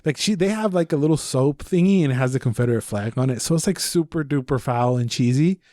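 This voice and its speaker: A young man on a casual podcast, telling a story with lots of swearing and acting out the lines he shouted. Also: medium pitch, fast, no echo, clean studio sound. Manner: profane animated storytelling, acts out shouted quotes. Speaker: podcast co-host.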